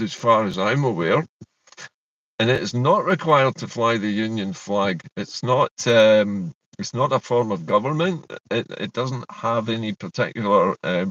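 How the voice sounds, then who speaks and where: A Scottish man co-hosting a political discussion, talking in an animated, indignant way. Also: on the low side, no room sound. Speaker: co-host. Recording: dull distant dry mic.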